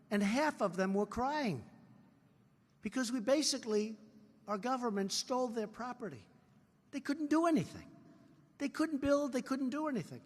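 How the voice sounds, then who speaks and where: A man in his seventies with a high, fairly bright voice rambles through a political speech at a convention. He repeats phrases and slips in boastful remarks, and the large hall's reverb is audible on the live recording.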